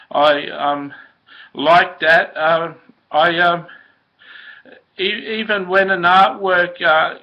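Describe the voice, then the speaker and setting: A man giving a gentle, emotional spoken message as if from his late sister, halting with many ums and uhs. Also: a little high. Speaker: prophetic minister speaking as his late sister. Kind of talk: slow spoken channeled message. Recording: dull lo-fi recording.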